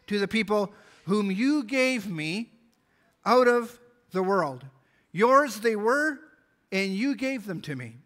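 A man's voice: high-pitched, sharp tone. A man pastor preaching a sermon, reading scripture aloud and explaining it earnestly. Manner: earnest Bible exposition, reading scripture aloud with small restarts.

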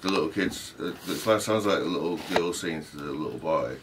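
A man on a ghost hunt haltingly recounting what he heard, with many fillers. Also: very deep voice. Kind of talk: casual recounting. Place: dark old building indoors. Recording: noisy camera audio.

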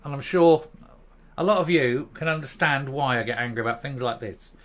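A man in his fifties hosting his own channel, ranting bluntly and profanely to camera and stopping now and then to calm himself down. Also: medium pitch, fairly quick. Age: 50s. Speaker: commentary channel host. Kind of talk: angry opinion rant to camera.

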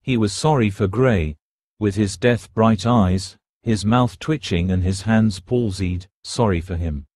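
A man narrating an audiobook in an even, measured reading. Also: lowish voice, no room sound. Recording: dry close studio recording.

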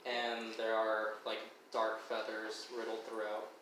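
A man narrating as dungeon master for friends, talking in a halting way with many fillers and restarts. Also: fairly low pitch, completely flat delivery, heavy background noise. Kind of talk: narrating a tabletop game. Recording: echoey room mic from a distance.

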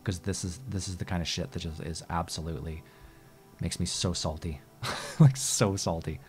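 Exasperated low-voiced gamer man swearing. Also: steady tone, moderate pace, soft background music. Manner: exasperated, swears and talks to the game. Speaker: gaming channel host. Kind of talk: casual let's-play gameplay commentary.

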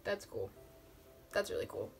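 A young woman vlogging as she unboxes gifts, chatty and gushing with excitement. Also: normal speed, music in the background. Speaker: book vlogger. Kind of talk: casual unboxing vlog.

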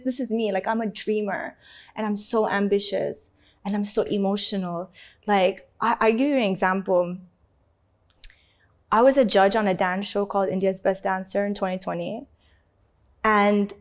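A young adult woman being interviewed. She talks candidly and expressively, with lots of "like" fillers and frequent easy laughter. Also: medium pitch. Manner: laughs easily and often. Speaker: interview guest.

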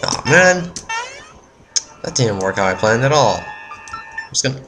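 Woman commenting on a game, very deep voice, wildly swinging pitch, cursing, exasperated, game music behind. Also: sing-song, a little slow. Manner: easily frustrated, cursing, talks to the enemies. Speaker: let's play gamer.

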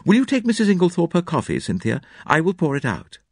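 Guy doing a calm young hostess, soft and polite, raised pitch, dry sound. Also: fast talker, gravelly, breathy edge, no echo, heavily acted. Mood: genteel.

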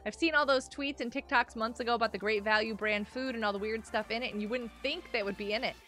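A woman's voice: on the high side, quick pace, fairly bright tone, faint music behind. A woman streaming a game, chatting and rambling casually into her microphone, laughing often and breaking into sudden squeals. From United States. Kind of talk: casual live-stream chat while gaming.

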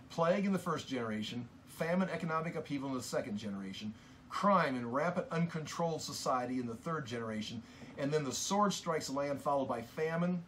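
A man teaching from the Bible in an earnest, impassioned sermon, often halting and restarting mid-sentence. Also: medium pitch, fairly bright tone, a little hiss or hum.

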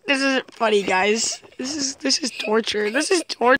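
A woman's voice: on the high side, normal speed, hardly any pauses, noisy background. A woman chatting casually while playing a game with a friend, playful and teasing, breaking into shrieks and laughter. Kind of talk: casual gameplay commentary.

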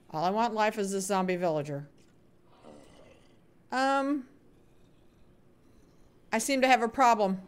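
A woman's voice: mid-range voice, a little slow, long pauses, clean tone. Chatty woman streaming a block game. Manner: chatty, coaxing game characters in a sing-song voice; reads out viewer chat names and answers them. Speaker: Minecraft streamer. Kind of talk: casual live-stream gaming chat.

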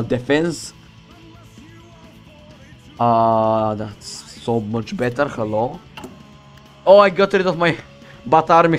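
Young Balkan male streamer, brash and profane, slightly high voice over background guitar music. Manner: boastful, swearing, joking to himself. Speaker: streamer playing a strategy game. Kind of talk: casual gaming commentary. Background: loud background music.

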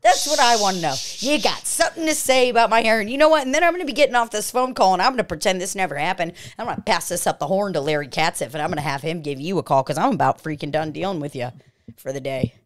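A woman's voice: deep voice, quick pace, no room sound, clean studio sound, lightly acted. A woman playing a crass, blustering balding middle-aged male debt collector who swears and gets defensive in an improvised comedy sketch. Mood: irate. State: out of breath. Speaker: podcast co-host.

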